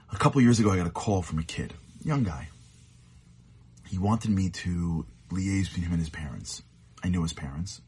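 A man with a low, breathy-edged voice delivers a short, earnest sermon like a storyteller. At times he drops into hushed tones for emphasis.

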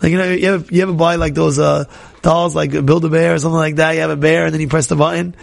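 A man leads an informal Torah class in a high, gravelly voice. He talks in an animated, repetitive way and keeps putting questions straight to his listeners. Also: fast talker. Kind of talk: informal Torah class talk to a live group.

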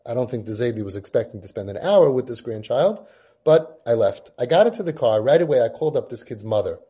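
Male podcast host, warm and husky, storytelling talk peppered with Yiddish and Hebrew. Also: mid-range voice, expressive, fast. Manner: tells a long personal story with Yiddish and Hebrew terms. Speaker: podcast host and parenting guide.

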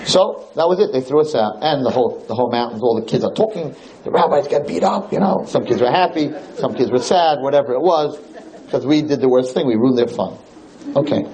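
A man's voice: mid-range voice, fairly quick, noisy background. A man, a rabbi, telling a story in a lecture and acting out the other people in it. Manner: animated storyteller, acts out quotes.

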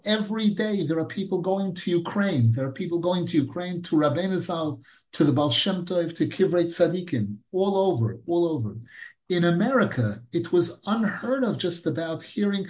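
A man teaching a Torah class as a rabbi, mixing Hebrew terms into English and rising to high, emphatic questions when he quotes. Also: a little mellow, rough recording. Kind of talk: animated Torah lecture.

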